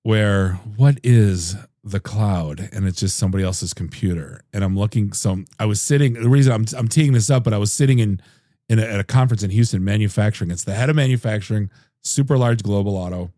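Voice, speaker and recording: A male podcast host with a lowish, warm and mellow voice, chatting casually. He rambles and jokes, restarting his sentences often. The sound is close and dry. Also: fairly quick, dry recording. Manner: rambling, jokey storyteller with many restarts.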